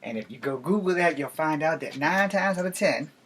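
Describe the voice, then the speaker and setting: A man's voice: a little high, animated, fairly quick, noisy background. A man in his forties with an American accent, giving a rambling, self-deprecating vlog monologue. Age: 40s. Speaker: vlogger. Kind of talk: casual monologue to camera.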